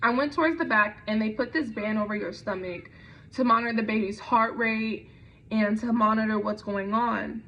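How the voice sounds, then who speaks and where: A woman's voice: on the high side, moderate pace, fairly bright tone, a little hiss or hum. A young woman telling a personal story in a conversational way, with frequent fillers and restarts. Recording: dull lo-fi recording.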